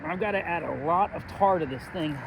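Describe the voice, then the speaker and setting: A man's voice: on the high side, fairly quick, background noise. A man, a roofing contractor, out of breath and exasperated as he walks through damage outdoors on a roof, explaining each point step by step. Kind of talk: on-site inspection walkthrough.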